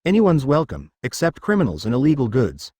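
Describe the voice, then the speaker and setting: A man's voice: mid-range voice, huge pitch swings, fairly quick, darkish tone, husky, no room sound. A man reading the part of a jovial, easygoing young ogre prince. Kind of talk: fan fiction reading.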